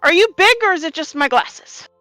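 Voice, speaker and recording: A woman voicing a very old male rock gnome tinkerer, impatient and curt, scolding in quick bursts. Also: very high-pitched, animated, bright, forceful tone, no echo, soft background music, pitched above the performer's own voice, heavily acted, rough recording. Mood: irritable.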